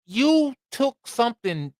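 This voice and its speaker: Guy preaching on his podcast, talks to the listeners a lot, pitch all over, dry close sound. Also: slow, no echo. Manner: animated, conversational preaching with asides. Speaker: podcast host and Bible teacher. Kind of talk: reading scripture and preaching.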